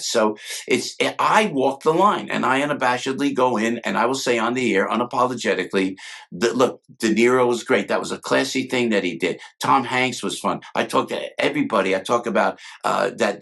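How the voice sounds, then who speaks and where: An older man, a guest, telling stories in an animated way and acting out quotes, with many quick restarts. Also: mid-range voice, creaky. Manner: talks fast with many restarts and acted-out quotes. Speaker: guest, former sketch comedy cast member. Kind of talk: animated storytelling with impressions.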